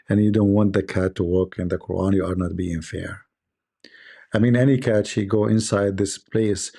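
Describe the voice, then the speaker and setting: A man's voice: on the low side, gravelly, dark tone. A man giving sarcastic reaction commentary in non-native English, with rambling asides.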